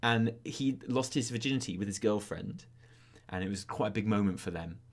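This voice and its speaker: A man's voice: fairly low pitch, moderate pace. A young man from Britain, co-hosting a casual chat, rambling and self-mocking with lots of fillers. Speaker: YouTube co-host.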